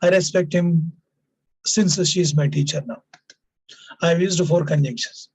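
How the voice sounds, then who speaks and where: A man's voice: on the high side, fairly even intonation, unhurried, vocal fry, a little mellow, breathy edge, no echo, poor audio. A man teaching an English grammar lesson to students, explaining usage through example sentences and repeating key points, often tagging lines with "now" and "please".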